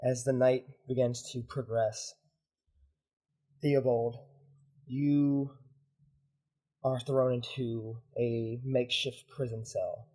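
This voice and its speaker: A man narrating as game master of a tabletop roleplaying game, in a measured way. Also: medium pitch, flat delivery, mellow.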